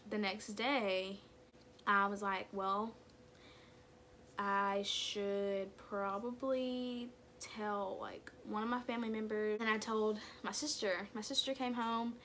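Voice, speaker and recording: A woman's voice: mid-range voice, fairly even intonation, takes it slowly, slight background noise. Young woman telling a candid personal story. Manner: casual, full of "like" and "kinda" fillers; candid, soft-spoken about hard memories. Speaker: vlogger.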